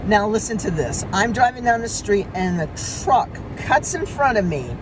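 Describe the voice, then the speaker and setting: A woman vlogger telling a story about her day in an animated, exasperated way. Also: mid-range voice, normal speed. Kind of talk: storytime monologue. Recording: steady traffic noise behind.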